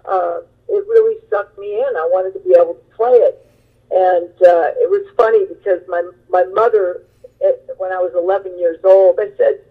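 A woman guitarist being interviewed, telling stories in a chatty, animated way with lots of fillers. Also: fairly low pitch, normal speed, slightly rough. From Long Beach, California. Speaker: guest musician, guitarist. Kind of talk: interview storytelling. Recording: tinny phone line.

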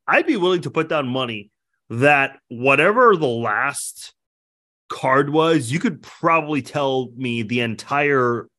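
An easygoing man with a middle-pitched, bright, forward voice, telling stories in relaxed podcast chat. He reads viewer comments aloud between anecdotes. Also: slow pace.

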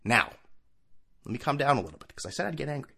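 Husky New man, heated sarcastic rant, lively up-and-down pitch, swears a lot. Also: fast. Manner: heated, sarcastic, profane, lots of rhetorical questions. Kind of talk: solo opinion rant.

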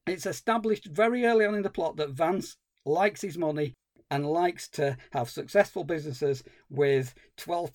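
High-voiced man, exasperated and sweary. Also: darkish tone, no room sound. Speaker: podcast co-host. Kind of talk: casual film review chat.

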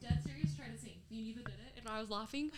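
A woman's voice: fairly high pitch, racing. A young woman chatting casually with friends, teasing and giggling. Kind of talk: casual chat.

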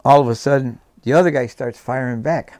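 Speaking at medium pitch with a darkish tone, this man in his seventies, a veteran guest, relives his war memories vividly and performs the lines of dialogue. His pace is a little fast, and no room sound is audible.

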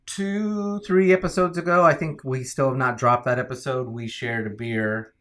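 Male podcast co-host, casual, animated storyteller who laughs through his jokes. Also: fairly low pitch. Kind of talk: casual chat.

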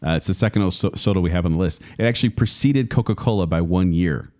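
A man's voice: low-pitched, fast talker, darkish tone. A man co-hosting a casual podcast chat, talking chattily and reading facts aloud with emphasis. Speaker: podcast co-host.

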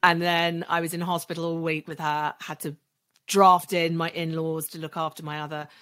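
A woman in her forties speaks as a podcast guest, telling her own story with candid, reflective honesty. Her voice sits on the lower side, and she lets it sink soft and quiet whenever she recalls the hardest moments. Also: little pitch movement, moderate pace. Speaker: podcast guest, legal marketer.

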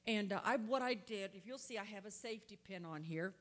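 A woman's voice: medium pitch, brisk, fairly bright tone. A woman speaks at a church conference in a folksy, storytelling way. Her voice has a long reverb from the large hall. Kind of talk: testimony and church talk. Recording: echoey hall.

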